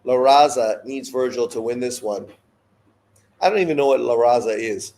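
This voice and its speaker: A man hosts a live boxing watch-along in a voice of ordinary middle pitch. He talks bluntly and swears often, mixing fight analysis with opinionated rants. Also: moderate pace, a little mellow. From Canada. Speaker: boxing show host.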